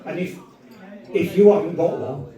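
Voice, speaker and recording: A man's voice: fairly high pitch, normal speed, mellow. A man with a Northern English accent doing stand-up, bantering brashly with the audience and swearing a lot. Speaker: stand-up comedian. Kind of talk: live stand-up set with crowd work. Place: comedy venue with a live audience. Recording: echoey live room, distant mic, audience laughter.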